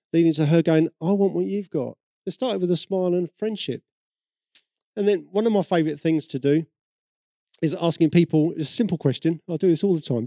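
A man's voice: a little high, dark tone, no echo, clean studio sound. A man with a British accent giving a sermon, telling everyday stories in a conversational way and acting out the people he quotes. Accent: British English. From Britain. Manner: conversational storytelling, acts out quoted voices. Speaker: preacher.

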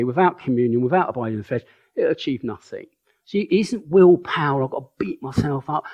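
A man's voice: fairly high pitch, a little mellow, muffled recording. A man preaching a conversational sermon, often checking in with his listeners and acting out the voices in his stories.

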